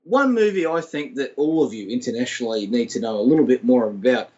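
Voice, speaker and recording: A man with an Australian accent chatting on a podcast, animated and full of slang. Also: medium pitch, fast, muffled recording. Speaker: podcast guest. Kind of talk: casual chat.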